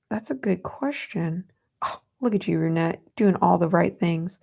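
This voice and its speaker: Her voice sits lowish and sounds gravelly and slightly rough, moving at a normal speed. She's a young woman in her twenties casually streaming from home, reading comments and chatting with her audience. Giggly and talkative, she stops now and then to coo softly at her cat.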